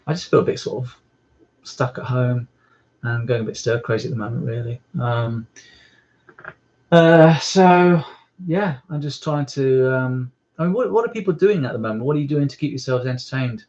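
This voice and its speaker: Man, mid pitch, hesitant rambling live-stream host at home, dull lo-fi audio. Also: moderate pace, a little mellow. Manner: rambling, hesitant, many ums. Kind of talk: casual live-stream chat. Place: at home indoors. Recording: slightly muffled lo-fi stream audio.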